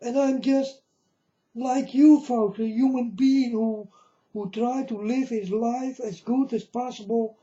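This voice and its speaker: A man speaks slowly and earnestly in non-native English, his voice very dark and mellow. He pleads with his listeners like a self-proclaimed prophet, and the recording sounds dull and lo-fi. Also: very high-pitched, steady tone. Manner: earnest, pleading, repeatedly addressing listeners as folks. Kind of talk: emotional personal testimony to viewers.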